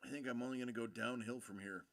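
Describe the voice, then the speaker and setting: Sleepy young man with a bright voice. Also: mid-range voice, steady tone, fast talker, gravelly. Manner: drowsy, rambling. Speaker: streamer. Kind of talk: casual chat on a late-night stream.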